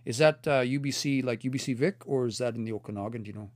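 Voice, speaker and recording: Man, middle-aged, casual live language teacher; earnest, restarts mid-thought, mid-pitched, dry close sound. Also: fast, no room sound. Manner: thoughtful, earnest, restarts and repeats words while explaining. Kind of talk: casual live teaching, reading chat comments. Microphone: phone or computer mic for a livestream.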